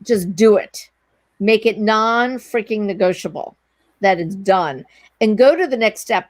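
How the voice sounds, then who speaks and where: A middle-aged woman relating a story with lively energy, jumping into the voices of the people she quotes. Her pitch sits in a middle register and the sound is dry and close, with no room around it. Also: no echo. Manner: animated, breathless anecdote telling with quoted dialogue. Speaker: guest, entrepreneur. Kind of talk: storytelling in a casual interview.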